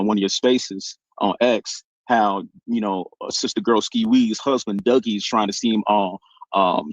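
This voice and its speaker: A man's voice: fairly low pitch, dry recording, muffled recording. A man calling into a show, rambling his point with many fillers. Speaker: caller. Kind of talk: casual call-in commentary. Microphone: remote audio call.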